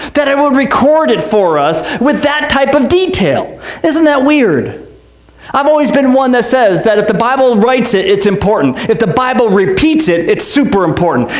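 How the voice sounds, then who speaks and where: A man's voice: extremely high pitch, echoey room. A man preaching a sermon as pastor, conversational and joking, full of rhetorical questions. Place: church sanctuary.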